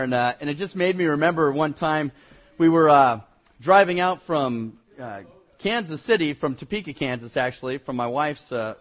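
A man's voice: on the high side, dull audio. A male pastor preaching a conversational sermon in a church, folksy and joking with the congregation, with fillers and repeats.

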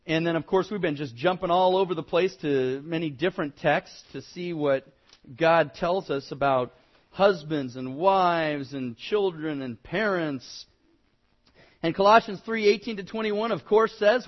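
A man's voice: fairly high pitch, a little slow, lo-fi sound. Folksy male pastor giving a sermon. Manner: folksy, joking with the congregation, fillers and repeats. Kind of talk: conversational sermon. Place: church.

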